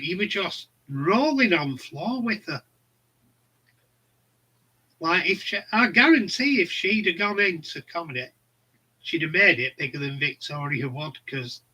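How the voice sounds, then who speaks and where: A middle-aged man rambles through stories in blunt, casual chat. He talks unhurriedly in a bright, edgy voice that sits a little high for a man. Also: poor audio. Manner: rambling, blunt, laughs at his own stories. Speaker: channel host.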